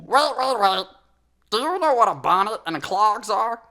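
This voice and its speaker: A goofy talking sheep storyteller, voiced by a woman, chats with kids between lines of a fairy tale. Her bright, lively voice swoops up and down as she teases the characters with sassy asides. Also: medium pitch, unhurried, soft background music, exaggerated voice. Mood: chatty. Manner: playful, chatty, sassy asides to the listener. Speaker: storyteller host. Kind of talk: children's puppet story reading.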